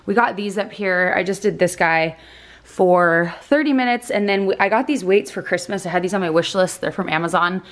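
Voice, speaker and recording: A young woman chatting casually to her camera in a vlog, slangy and quick with asides. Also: on the low side. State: out of breath after a workout. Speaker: vlogger.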